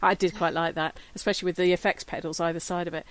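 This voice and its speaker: A woman's voice: lowish voice, flat delivery, fast talker, dry recording. A British woman hosting a casual interview in a friendly, conversational way with plenty of fillers. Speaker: host.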